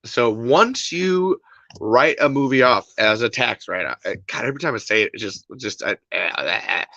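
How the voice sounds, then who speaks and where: A man rants casually on a livestream, exasperated and rambling, going back over the same points. His voice has a bright, forward edge. The recording is dry and a little dull, like a home mic. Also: mid-range voice, expressive, normal speed, no room sound. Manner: exasperated, rambling, repeats himself. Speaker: podcast host.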